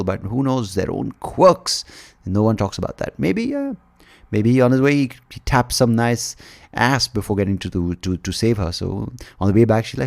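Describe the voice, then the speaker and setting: A man's voice: medium pitch, sing-song, normal speed, creaky, darkish tone. A man from India hosting a podcast, riffing through an irreverent, rambling comic monologue. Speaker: podcast host. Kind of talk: comedic monologue.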